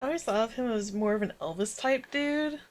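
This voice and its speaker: A woman's voice: on the high side, fairly quick. A woman streamer chatting and joking while playing through a game live. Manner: chatty and joking, laughs often. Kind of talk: live game playthrough commentary.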